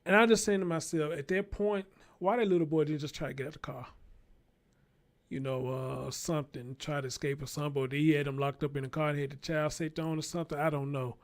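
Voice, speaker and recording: Man, blunt profane commentary, repeats himself, slightly high voice. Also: steady tone, fast. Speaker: commentary show host. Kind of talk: unscripted commentary monologue.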